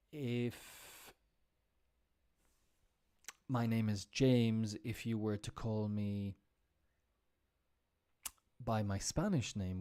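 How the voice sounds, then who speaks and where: A man teaching English on a live stream, explaining phrases with examples and trying out how they sound. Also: lowish voice. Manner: relaxed explaining with examples, some restarts. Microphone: computer mic on a live stream.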